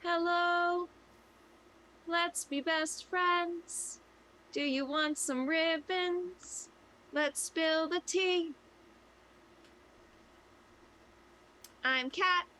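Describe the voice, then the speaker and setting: A woman's voice: very high-pitched, steady tone, extremely slow, pushed and bright, exaggerated voice. A woman voicing her tabletop character, a chirpy, friendly young woman, in a sweet, sing-songy, coaxing voice. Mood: sing-song. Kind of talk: tabletop role-play voice.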